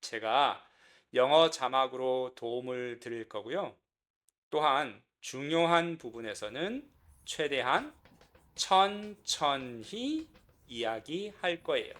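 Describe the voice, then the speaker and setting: A man with a Korean accent teaching a beginner language lesson, speaking slowly and repeating words for learners. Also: mid-range voice, fairly bright tone. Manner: slow, repetitive, encouraging teacher talk.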